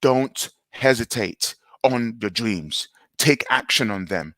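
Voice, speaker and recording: A man's voice: medium pitch, lively intonation, slow, a bit bright, no room sound, clean studio sound. A man giving a motivational talk, emphatic and repetitive, hammering home short phrases. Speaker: motivational speaker.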